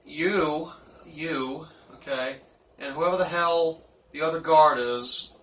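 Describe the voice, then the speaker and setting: A man rambles through a profane, mock-gruff locker-room roll call. His voice is bright and fairly high, heard from a distance in an echoey room. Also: fairly even intonation, takes it slowly, a little hiss or hum. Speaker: team manager giving a speech.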